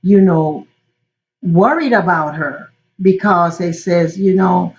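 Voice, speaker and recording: Animated woman teaching through a story. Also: on the low side, slow. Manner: animated, acts out the quotes. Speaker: spiritual teacher and godmother. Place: Florida. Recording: dull lo-fi call audio.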